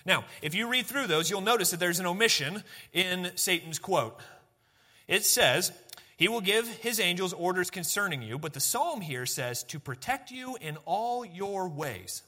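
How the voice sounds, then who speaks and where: A male pastor delivering a sermon in a high, bright voice. He talks conversationally, circles back to repeat key phrases, and drops in self-deprecating asides. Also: lively intonation, moderate pace.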